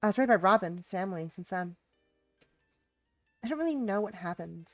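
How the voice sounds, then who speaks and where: A sick-voiced woman voicing the gentle, curious young human heroine of a visual novel, reading softly and earnestly. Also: mid-range voice, lively intonation, normal speed, no room sound, faint music behind, lightly acted.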